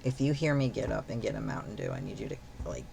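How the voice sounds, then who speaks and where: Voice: medium pitch, wildly swooping pitch, fast talker, vocal fry, darkish tone, a little hiss or hum. A streamer chatting casually while gaming, rambling with lots of fillers and freely swearing.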